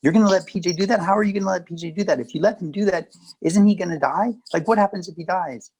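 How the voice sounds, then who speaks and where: A man voicing a worried, pleading grandmother in a raised pitch. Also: fast talker, a little mellow, breathy edge. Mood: anxious.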